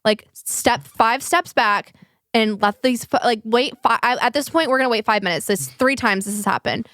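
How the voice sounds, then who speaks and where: A young woman hosting a podcast, telling a story in casual chat with lots of swearing and lively acted-out quotes. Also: fairly high pitch, moderate pace, no echo, clean studio sound. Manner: animated, profane, acts out quotes in a raised voice. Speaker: podcast host.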